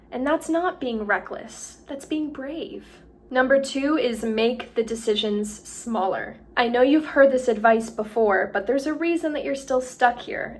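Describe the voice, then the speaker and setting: A woman with a fairly high voice gives an earnest self-help talk to camera. She speaks directly to the listener in a steady coaching tone.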